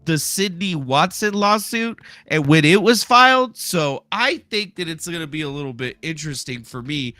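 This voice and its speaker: A man's voice: fairly high pitch, expressive, normal speed, hardly any pauses, bright, forceful tone, dry recording, studio quality. A man hosting a casual commentary stream, rambling, sarcastic and profane. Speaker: streamer host.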